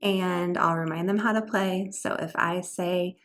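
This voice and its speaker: A woman's voice: on the low side, steady tone, unhurried, fairly bright tone. A woman homeschool tutor chattily explaining classroom games and activities, now and then singing short learning songs.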